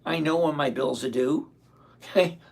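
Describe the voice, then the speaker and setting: A hoarse man in his sixties hosts a live stream, walking viewers through trades in a chatty, upbeat way. His voice sits a bit high, with gravel and a husky edge as it wears out. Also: moderate pace. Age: 60s. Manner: chatty, upbeat, explains step by step. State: hoarse, voice giving out. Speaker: livestream host.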